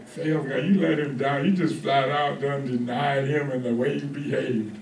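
A pastor preaching a conversational sermon, often checking in with the congregation. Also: male voice, medium pitch, steady tone, normal speed, gravelly, darkish tone, slight background noise. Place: church hall. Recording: echoey room from a distance.

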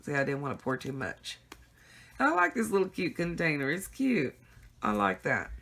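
A woman's voice: low voice, big pitch swings, normal speed, heavy background noise. A woman chatting casually and giggling as she unboxes gifts for her viewers at home. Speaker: craft vlogger.

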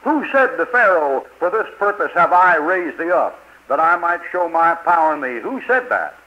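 Older male preacher, fiery and folksy, higher-pitched, lo-fi vintage tape. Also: sing-song, normal speed. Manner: fiery, rhetorical questions, folksy grammar. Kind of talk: sermon. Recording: old lo-fi tape recording.

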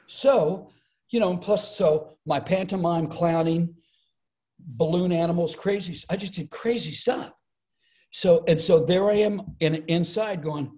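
Middle-aged comedian, animated storyteller, slightly high, mellow tone. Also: male voice, measured pace. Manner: animated, acts out quoted voices. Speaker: comedian and speaker, podcast guest. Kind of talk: storytelling in conversation.

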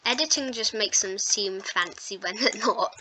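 A woman with a bright, forward voice talks casually over her gameplay. She rambles and pokes fun at herself. A faint hiss of background noise sits under her voice from the computer microphone. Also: mid-range voice, normal speed. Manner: rambling, self-mocking chatter. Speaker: gaming video host.

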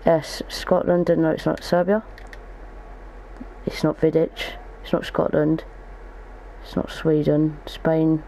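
Young guy chatting thru his game, low gravelly fry, kinda dark and mellow. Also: level tone, takes it slowly, long pauses, a little hiss or hum, poor audio. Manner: chatty, thinks aloud while opening packs. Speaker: gaming YouTuber. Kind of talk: casual gaming commentary.

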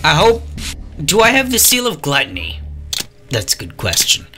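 A man giving gameplay commentary, sarcastic and frustrated, yelling at the game. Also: fairly high pitch, huge pitch swings, moderate pace. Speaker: let's play gamer. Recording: game music behind the voice. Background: game music.

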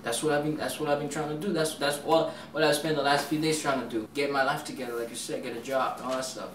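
A man plays a stammering, evasive young guy who keeps brushing people off and snaps when he is pushed. He sits at an ordinary pitch. A distant mic puts him in a roomy, echoing space with a hiss behind. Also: little pitch movement, fast, close to an everyday voice. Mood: dismissive. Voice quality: stammering, repeats words. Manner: evasive and dismissive, flares into anger. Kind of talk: short film acting.

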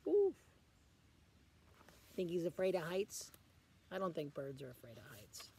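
A man reading a picture book aloud to children as a guest reader, pausing often to ask the children questions. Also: on the high side, wildly swooping pitch, vocal fry, mellow, a little hiss or hum.

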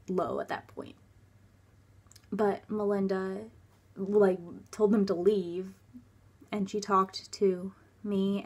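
Young woman, personal storytelling, hesitant, many fillers, soft and quiet at times, mid pitch. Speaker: vlogger.

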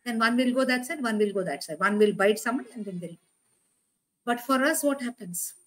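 A woman delivers a sermon in a loose, conversational way. Her voice sits a little high, and she leans on rhetorical questions and repeated words to drive her points home. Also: lively intonation, a little fast, a bit bright, poor audio. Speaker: preacher.

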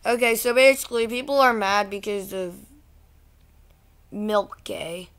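A woman's voice: a little high, a bit bright, clean tone. A woman hosting a casual vlog, reacting to things online in a ranting, exasperated way. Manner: ranting, easily exasperated, slow-talking. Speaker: channel host.

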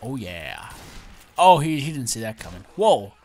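A young man hosting a casual gameplay commentary, excitable and often startled. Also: medium pitch, a little slow, a little hiss or hum. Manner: excitable, lots of startled exclamations. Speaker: let's play host.

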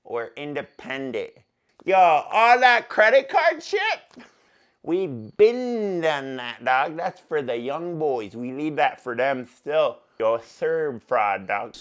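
A man's voice: on the high side, sing-song, takes it slowly, fairly bright tone, heavily acted. A man playing a boastful, goofy young rapper character with a Toronto accent, drawling and slangy in a comedic lyric breakdown. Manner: exaggerated boasting swagger. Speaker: parody rapper.

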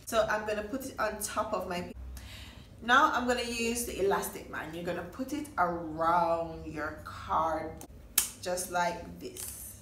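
Gentle woman reading to preschoolers, echoey room. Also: fairly low pitch, fairly even intonation, measured pace, recorded from a distance. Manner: gentle, instructive, speaks to the children directly. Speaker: children's storyteller and craft host. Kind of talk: reading aloud and craft demo for preschoolers. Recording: echoey room, faint noise.

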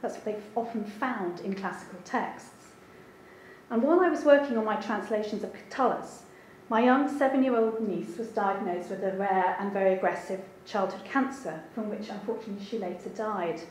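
A woman's voice: mid-range voice, normal speed, a little mellow. Woman lecturing in a very echoey room. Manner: thoughtful, hedging with frequent ums. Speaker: translator giving a seminar talk. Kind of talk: academic lecture. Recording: very echoey room with faint background hiss.

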